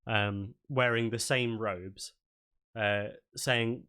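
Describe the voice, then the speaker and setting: A man's voice: medium pitch, fairly even intonation, unhurried, fairly bright tone. A man narrating a tabletop game. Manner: loose, filler-heavy narration. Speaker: dungeon master.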